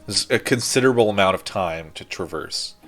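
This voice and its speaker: A man's voice: lowish voice, expressive, fairly quick, a bit bright, soft background music. A man narrating as game master in a tabletop game, casual and full of fillers.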